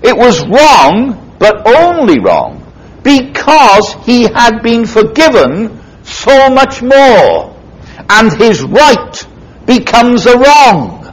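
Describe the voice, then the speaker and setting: Slow, animated high-voiced male preacher. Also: low-quality recording. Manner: emphatic, dramatic retelling with sweeping pitch swings. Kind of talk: expository sermon.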